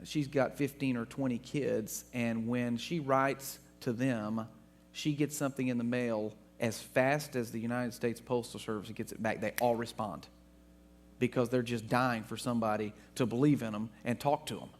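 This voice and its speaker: A man from Texas, a guest speaker, telling funny anecdotes to an audience in an animated way. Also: medium pitch, normal speed, slight background noise. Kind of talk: storytelling talk to an audience.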